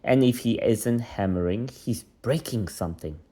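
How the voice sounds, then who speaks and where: A father voicing a quiet, fussy old grandmother who dislikes noise. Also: medium pitch, moderate pace, lightly acted. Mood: fretful.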